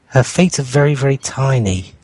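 A man's voice: medium pitch, lively intonation, moderate pace, darkish tone, no echo. A man co-hosting a hobby podcast, chatting in a rambling, distracted way while he works on a model. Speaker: podcast co-host. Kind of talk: casual chat.

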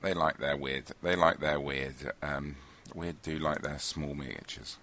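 A man's voice: rumbling low, fairly even intonation, unhurried, bright, forceful tone, a little hiss or hum. A man co-hosting a hobby podcast, bantering and teasing with frequent laughs. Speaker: podcast co-host. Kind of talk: casual banter.

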